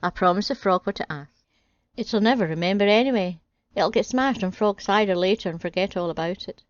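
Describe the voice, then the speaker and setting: A woman's voice: medium pitch, a little fast, no room sound, dull audio, natural voice. A woman voicing a spoiled young princess in a storybook parody, speaking in a haughty, scornful way.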